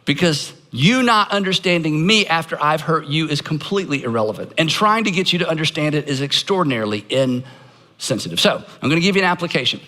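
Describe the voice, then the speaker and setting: Male pastor, bright and forceful tone, live sermon in a reverberant auditorium, stage mic. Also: a little high, lively intonation, brisk. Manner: emphatic, leads congregation in call-and-response practice.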